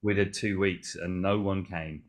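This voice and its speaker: A man's voice: low-pitched, steady tone, a little slow. An English man with an English accent, a musician guest chatting casually and rambling with self-corrections and casual swearing. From England. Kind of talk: casual interview chat.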